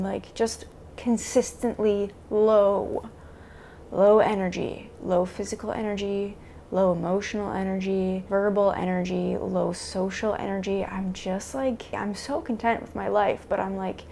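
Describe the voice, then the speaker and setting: Halting, gravelly-voiced woman talking to herself. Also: medium pitch, fairly even intonation, mellow, slight background noise. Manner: halting, searching, with many fillers and restarts. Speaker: vlogger. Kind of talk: confessional self-talk monologue. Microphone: camera mic.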